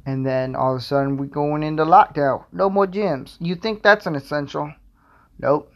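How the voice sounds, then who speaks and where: A man's voice: on the high side, moderate pace, a bit bright. A young man hosting his own podcast, rambling casually with lots of fillers and self-deprecating asides. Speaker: podcast host.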